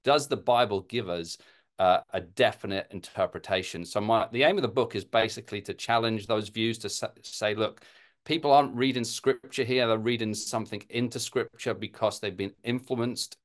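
A British man, an author and guest, explaining in a measured way with some fillers. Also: on the low side. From United Kingdom. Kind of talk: interview answers.

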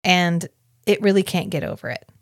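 A woman's voice: fairly low pitch, expressive, gravelly, no room sound, studio quality. A woman co-hosting a podcast, chatting casually and thoughtfully about a book. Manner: reflective, quotes characters in quick asides. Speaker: podcast co-host. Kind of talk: casual book-club chat.

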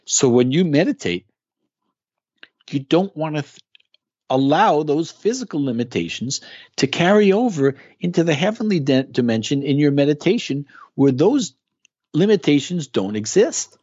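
A man's voice: fairly high pitch, very animated, normal speed, a little mellow, breathy edge, dry recording, lo-fi sound. A man talking as a guest in a casual interview, explaining with earnest emphasis. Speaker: guest musician.

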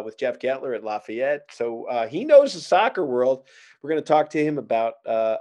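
His voice is medium in pitch and a little mellow. The middle-aged podcast host and stand-up comedian rambles through jokey stories and casual chat, using plenty of fillers.

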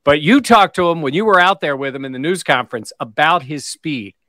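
Bright-voiced male sports host. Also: a little high, fairly quick, dry recording. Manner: leads the panel, tosses questions to co-hosts. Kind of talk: casual sports talk.

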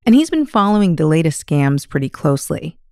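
A woman guest-hosting a news podcast, narrating a script in a measured, explanatory way and putting questions to her guest. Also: sits low, sing-song, darkish tone, no echo, clean studio sound.

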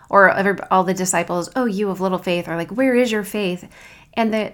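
A woman hosting a faith podcast, speaking in an earnest, reflective and encouraging way, reading scripture slowly and deliberately. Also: fairly low pitch. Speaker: podcast host. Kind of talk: faith podcast devotional talk.

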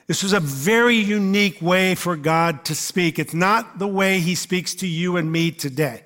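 A man preaching a sermon to his congregation in a relaxed, conversational way, with frequent "uh" fillers and asides to the listeners. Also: high-pitched, a little slow, few pauses, soft background music. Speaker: pastor. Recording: long reverb of a large hall.

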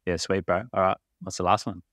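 A man's voice: low-pitched, little pitch movement, fairly quick, fairly bright tone, no room sound, studio quality. An Australian man hosting a podcast interview, telling stories in a laid-back, rambling way and swearing casually. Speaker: podcast host.

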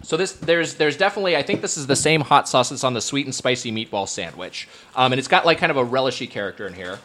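Talk as a podcast co-host chatting loosely about food: a man of middle pitch who rambles, restarts his sentences and slips in jokes. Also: expressive, fast, a bit bright. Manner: rambling, self-correcting, jokey. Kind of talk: casual food podcast chat.

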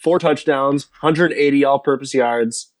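A man's voice: mid-range voice, unhurried, no echo. Enthusiastic man quoting stats, dry sound. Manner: stat-quoting, enthusiastic, laughs easily. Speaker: podcast co-host. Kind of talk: casual sports podcast chat.

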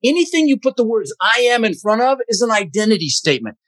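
A man's voice: high voice, very animated, quick pace, fairly bright tone, dry recording. A man talking as an interview guest, emphatic and motivational, blunt and a little profane. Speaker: podcast guest, real estate investor. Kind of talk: energetic interview talk.

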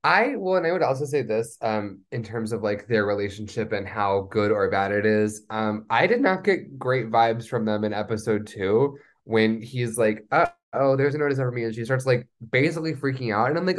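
A man's voice: mid-range voice, expressive, moderate pace, few pauses. A man co-hosting a casual group discussion, wry and self-deprecating in tone. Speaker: podcast co-host.

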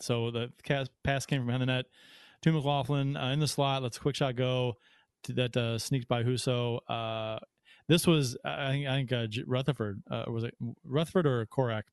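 A man with a smooth, clear, mid-pitched voice recaps game plays on a hockey podcast. He talks haltingly, with plenty of fillers. The recording is dry and close. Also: fairly even intonation, no room sound. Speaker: podcast host. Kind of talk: casual hockey chat and play breakdown.

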